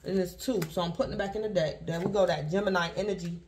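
A woman's voice: fairly low pitch, fairly even intonation, quick pace, darkish tone, slight background noise. A woman giving a casual tarot reading to her viewers, rambling and repeating herself as she speaks to the collective. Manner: rambling and repetitive, addresses the collective; speaks in loose restarts, circling back to one point. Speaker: tarot reader.

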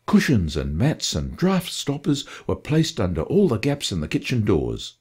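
A man presenting on radio and reading a short story aloud in an expressive storytelling manner. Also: fairly low pitch, moderate pace, hardly any pauses, husky.

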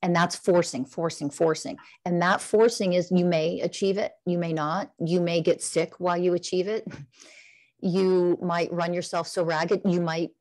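A woman with a low-pitched voice leads a guided meditation. She speaks in a slow, soothing cadence and keeps repeating gentle affirmations. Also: steady tone. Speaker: guest, spiritual teacher. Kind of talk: guided heart-centered meditation coaching.

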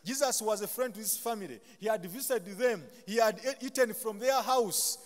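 A man's voice: high-pitched, moderate pace. A man from Buganda with a Ugandan accent, preaching a sermon in call-and-response style, leaving sentences open for the congregation to finish and adding humorous, self-deprecating asides. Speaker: pastor. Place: chapel. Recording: long chapel reverb.

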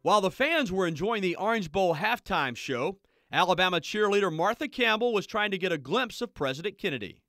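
High-voiced man narrating football highlights. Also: lively intonation, no room sound. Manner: brisk play-by-play delivery. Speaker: sports narrator. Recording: narration over loud music.

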